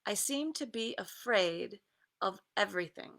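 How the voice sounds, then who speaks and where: A woman creativity coach talks slowly and easily through a guided meditation, stopping often with fillers. Her voice is bright but has a gravelly edge. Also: medium pitch, animated. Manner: easygoing, with many pauses and fillers, and laughs. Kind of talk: casual guided meditation talk with readings.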